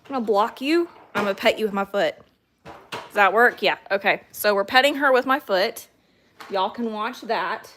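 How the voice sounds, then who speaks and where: A woman's voice: mid-range voice, expressive, unhurried, fairly bright tone, a little hiss or hum. A woman hosting a casual livestream at home, chatting to viewers and talking fondly to her dogs. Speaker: livestream host.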